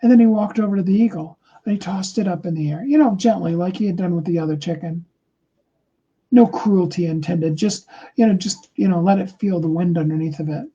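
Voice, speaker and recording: Husky, mellow man telling a story. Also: sits high, dull audio. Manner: slow and deliberate, with many fillers and restarts. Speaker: motivational speaker. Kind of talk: motivational storytelling talk.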